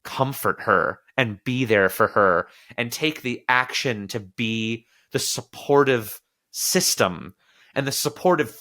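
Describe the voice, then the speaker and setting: Bright-voiced man hosting a film podcast. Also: mid-range voice, slow pace. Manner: animated, often quoting characters in little acted voices. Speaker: podcast host. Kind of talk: casual film discussion.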